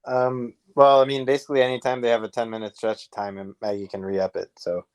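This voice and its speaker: A man's voice: medium pitch, little pitch movement, fast talker, smooth. A man at a tabletop game explaining the rules. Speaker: player.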